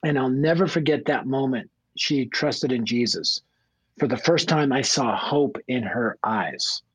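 A man from Denver, a guest evangelist and author, telling his life story in a radio interview with blunt, animated energy. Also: mid-range voice, measured pace, husky, no room sound, poor audio. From Denver, United States.

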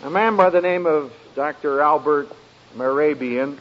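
A man speaking to an audience as a family counselor, telling stories in a slow, emphatic way with dry humor. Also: fairly high pitch. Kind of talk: speech to an audience. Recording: dull lo-fi recording.

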